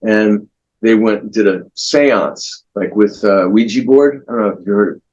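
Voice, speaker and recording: A man being interviewed as a guest guitarist, telling long anecdotes in a rambling, relaxed way with many restarts. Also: fairly low pitch, a little slow, dull audio.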